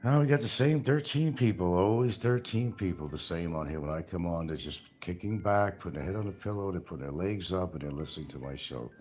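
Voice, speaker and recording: Low-voiced older man rambling on a livestream. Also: a little fast, hardly any pauses, a little mellow, soft background music. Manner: rambling, sarcastic, chuckling. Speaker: livestream host. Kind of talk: casual livestream chat.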